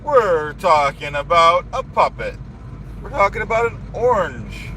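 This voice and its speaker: This high-voiced man takes his time as he rants live, bragging and indignant, repeating his grievances over and over. The audio quality is poor, with constant outdoor sound and traffic running underneath.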